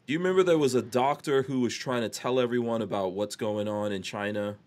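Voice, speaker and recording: A man's voice: medium pitch, a little fast, darkish tone. A man hosting a live podcast in casual chat, reading out viewer comments and reacting. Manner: reads viewer comments aloud. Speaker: podcast host.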